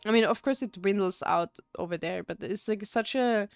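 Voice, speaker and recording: A woman's voice: medium pitch, moderate pace, clear, resonant tone, no room sound, clean studio sound, faint music behind. A young woman from Austria, chatting casually while streaming a game, rambling with many fillers and restarts. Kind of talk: casual gameplay chat.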